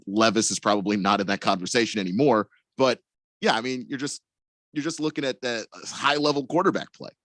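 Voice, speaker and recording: A man's voice: mid-range voice, brisk, fairly bright tone, no echo. A man co-hosting a sports radio show, talking casually and analytically about players.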